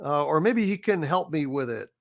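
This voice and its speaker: A man's voice: fairly high pitch, expressive, vocal fry, no echo, clean studio sound. A man hosting a casual livestream, reading out viewer messages and chatting in a rambling way with lots of fillers and restarts. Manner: slow, soft poetry reading. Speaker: livestream host. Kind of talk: casual livestream chat reading super chats.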